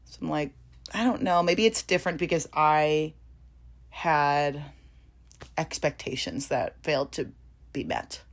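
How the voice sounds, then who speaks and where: A woman in her twenties chatting casually about books, full of fillers and sudden high excited bursts. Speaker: vlogger.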